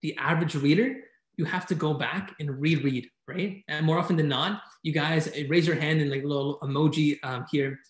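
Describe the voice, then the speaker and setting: A man's voice: a little high, steady tone. Eager man presenting over a video call, lifted voice, keeps asking "right?" to the audience, roomy echo on the sound. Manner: enthusiastic, fast-talking, keeps asking "right?". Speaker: conference speaker teaching speed reading. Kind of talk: energetic online presentation.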